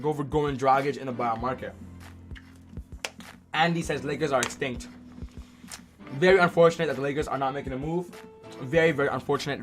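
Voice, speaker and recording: Young guy doing a live sports stream, gets worked up, reads chat out, bit of music under it. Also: mid-range voice. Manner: excitable, reads chat names aloud.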